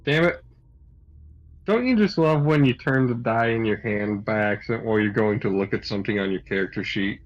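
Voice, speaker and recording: A man's voice: on the low side, fairly quick, dull audio. A man playing a tabletop game, chatting casually and describing his character with a lot of hesitation. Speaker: player.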